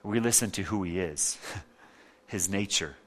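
A male pastor delivering a sermon with a fairly low voice. He preaches emphatically, repeats his points, and throws rhetorical questions at his listeners. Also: a little slow.

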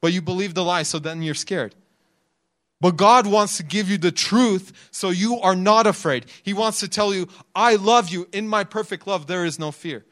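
Young male preacher, voice a bit on the high side, casual and storytelling, laughs between points. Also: moderate pace, a bit bright. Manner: conversational, laughs often, acts out quotes in the story. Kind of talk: sermon.

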